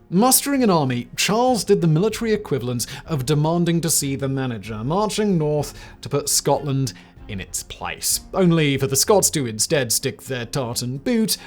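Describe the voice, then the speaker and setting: Wry man narrating history. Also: normal speed. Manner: wry, sarcastic, jokey asides; lively, emphatic delivery with big pitch swings. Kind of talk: scripted documentary narration. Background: faint background music.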